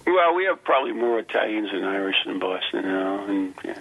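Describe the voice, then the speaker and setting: A man's voice: fairly low pitch, big pitch swings, a little fast, a bit bright, breathy edge. A man with a New England accent hosting a radio show, chatting loosely with many fillers. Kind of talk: casual radio chat. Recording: dull lo-fi radio broadcast.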